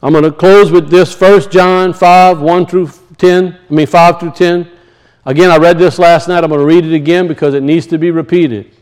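A man with a high-pitched voice preaching a sermon. He speaks emphatically, repeats his key points, and calls out to his congregation for a response. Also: steady tone, normal speed, darkish tone, clean tone, rough recording. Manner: emphatic and repetitive, calling out to the congregation.

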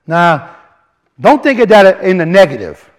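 A man teaching a sermon in a casual, animated way, often restarting phrases and building emphasis. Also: high-pitched, measured pace. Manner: animated, repeats and restarts, rising emphasis, colloquial grammar. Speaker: preacher. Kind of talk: sermon teaching from word studies.

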